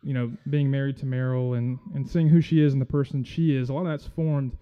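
A man's voice: medium pitch, little pitch movement, brisk, clear, resonant tone, dull audio. A man giving a casual, self-deprecating sermon as a guest church speaker, with many fillers.

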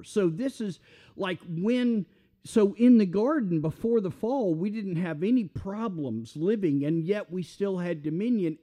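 A man's voice: sits high, mellow. A man with a Southern US accent, preaching a sermon in a folksy, conversational way with asides. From Mississippi. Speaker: pastor.

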